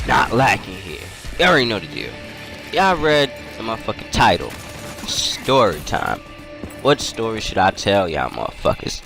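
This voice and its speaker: While gaming, a young YouTuber spins a casual, slangy story and laughs a lot, with game gunfire and clicks plus music in the background. He has a lowish, creaky voice and is very animated at a moderate pace.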